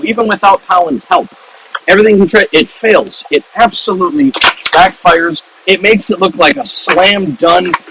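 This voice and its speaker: A man, an author, casually retelling the plot of his own book in animated, rambling storytelling full of restarts. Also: sits high, slight background noise, low-quality recording.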